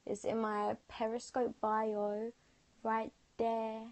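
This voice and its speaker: A young woman chatting casually on a phone livestream, replying to comments in a laid-back, drawn-out way. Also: on the high side, monotone, a little hiss or hum.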